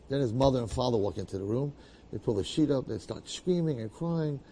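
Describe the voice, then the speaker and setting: A man telling a long story aloud in a lively, dramatic way, repeating phrases and adding asides. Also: mid-range voice, a little fast, a little hiss or hum. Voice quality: bearded, uses Yiddish and Hebrew terms. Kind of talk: animated oral storytelling.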